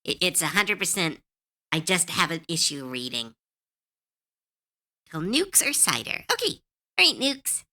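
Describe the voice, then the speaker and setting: A woman's voice: lowish voice, very animated, unhurried, long pauses, pushed and bright. A woman streamer in casual livestream chat, giggly, chatty and self-deprecating.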